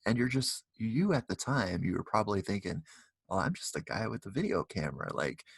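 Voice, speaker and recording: A man's voice: lowish voice, sing-song, brisk, gravelly, slightly rough, dry recording. A man hosting a casual interview, rambling with lots of filler phrases. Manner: rambling, many "you know" fillers. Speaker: talk show host.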